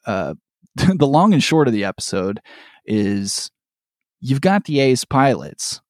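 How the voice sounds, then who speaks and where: A man co-hosts a casual podcast, rambling through an episode recap and restarting his phrases as he goes. His voice sits at an ordinary middle pitch. The sound is dry and close, with no room in it. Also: very animated, takes it slowly, a little mellow, no echo. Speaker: podcast co-host.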